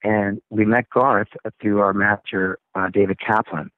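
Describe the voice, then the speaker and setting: A man, a rock singer, telling stories in a casual interview, rambling and animated. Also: on the low side, a little slow, no echo. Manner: rambling, animated storytelling with laughs. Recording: tinny phone line, dry.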